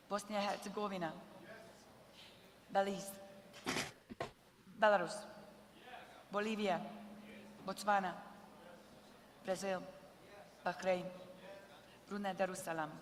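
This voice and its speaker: Woman, roll call reader, slow measured delivery, long reverb, faint ambience. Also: mid-range voice, slight background noise. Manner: measured, reads a list of names. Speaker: congress official reading roll call. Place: large conference hall. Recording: echoey conference hall, faint ambience.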